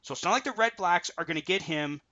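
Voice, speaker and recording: A man co-hosting a sports podcast, giving opinionated, animated takes in casual chat over dull lo-fi audio. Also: sits high, fast. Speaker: podcast co-host.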